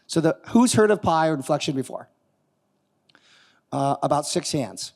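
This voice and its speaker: A man giving a live conference talk, animated and quizzing the audience as he demos technology. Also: fairly high pitch, moderate pace, gravelly. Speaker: conference speaker. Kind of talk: live keynote talk with demo. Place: conference hall on stage. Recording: long reverb of a large hall.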